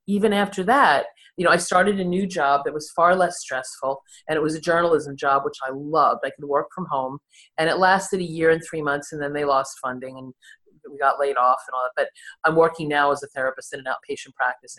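Guest, woman, 60s, low voice, candid and self-deprecating storyteller. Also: a little fast, fairly bright tone. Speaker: therapist and podcast guest. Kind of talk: conversational interview storytelling.

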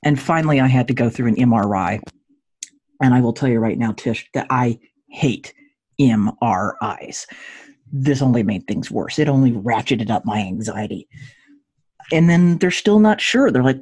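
A woman's voice: moderate pace, husky. A woman in her forties, a podcast guest, telling a personal story with jokes and acted-out dialogue. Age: 40s. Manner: jokey, acts out dialogue with lively pitch jumps.

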